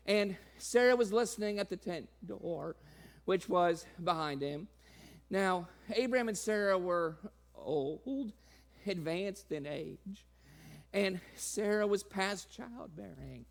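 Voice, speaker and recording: A man's voice: expressive, slow pace, vocal fry. A man preaching a sermon, laughing often and playfully acting out the people in his reading. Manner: acts out quoted voices with sudden pitch jumps.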